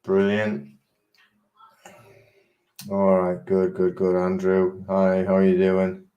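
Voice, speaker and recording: Chatty, rambling English host. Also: male voice, low-pitched, completely flat delivery, slow pace, dark tone, highs cut off. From England. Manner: rambling, chatty, many fillers and restarts. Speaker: host of a live online chat. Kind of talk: casual live-stream chat.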